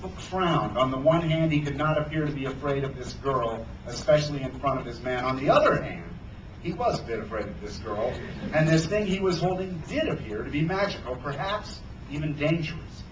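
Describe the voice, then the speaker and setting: Animated man reading aloud in an echoey room. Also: on the high side, brisk, dull audio, background noise. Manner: animated storytelling. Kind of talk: reading a children's adventure novel aloud. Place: bookstore reading event. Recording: roomy sound from a distance.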